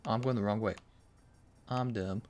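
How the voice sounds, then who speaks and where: A man's voice: fairly low pitch, fairly even intonation, unhurried, darkish tone. A man streaming a game live, chatting casually, joking, thinking aloud and answering his viewers' questions. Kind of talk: casual live-stream commentary while playing.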